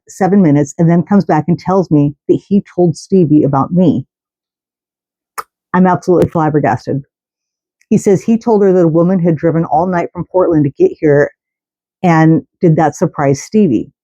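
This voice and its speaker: A woman's voice: low-pitched, dark tone, no room sound, dull audio. A middle-aged woman hosting a vlog, telling a long story to camera in a chatty, rambling way with restarts. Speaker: host. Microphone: camera mic.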